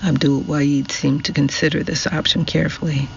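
A man narrating an audiobook in a measured, steady reading. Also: on the high side, gravelly, lo-fi sound, a little hiss or hum.

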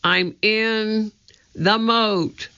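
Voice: medium pitch, steady tone, very slow, pushed and bright, clean tone, pitched above the performer's own voice. A narrator voicing a nervous young boy, anxious and urgent, in a storybook reading on a dull lo-fi recording. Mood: scared.

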